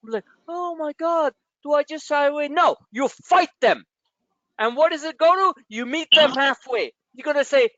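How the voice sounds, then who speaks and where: In a live webinar rant, a New York trading host lectures bluntly, cursing out of frustration. His voice is very high with a fairly bright tone. The audio is dry, dull and lo-fi.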